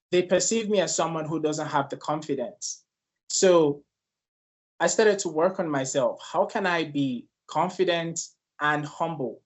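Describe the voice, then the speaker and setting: Appearing on a leadership panel discussion, a man from Nigeria speaks in an earnest, personal way with his Nigerian accent and a somewhat high voice.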